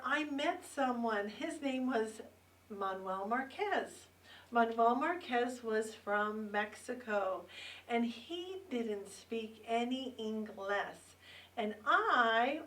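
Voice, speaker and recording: A woman in her fifties, a bilingual teacher leading a lesson for young children, drawing out words slowly and prompting them to repeat after her. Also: a little high, a bit bright. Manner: slow, drawn-out words with call-and-response prompts. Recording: roomy echo, mic set far off.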